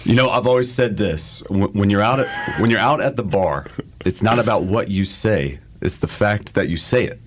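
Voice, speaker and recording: A young man with a slightly low voice talking as a guest on a casual dating show. He is laid-back and self-deprecating. A faint hiss sits under the recording. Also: normal speed. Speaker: podcast guest. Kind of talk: casual chat.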